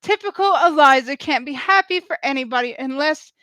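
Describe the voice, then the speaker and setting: High-voiced, excitable woman vlogger. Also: brisk, dry recording, low-quality recording. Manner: excitable, gushing, talks straight to viewers. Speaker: reaction vlogger. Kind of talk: live reaction commentary.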